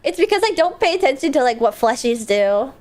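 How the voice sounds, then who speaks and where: A woman streamer chatting casually and rambling with lots of fillers, breaking into sudden loud outbursts while she plays a game. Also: sits high, very animated, fairly quick. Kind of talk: casual live-stream chat while gaming.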